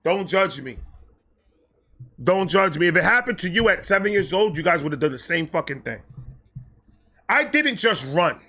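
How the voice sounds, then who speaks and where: A high, bright-voiced man with a New York accent telling a wild storytime with big animated energy. He swears freely, acts out voices and keeps dropping into low, muttered asides. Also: normal speed, long pauses. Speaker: storyteller host.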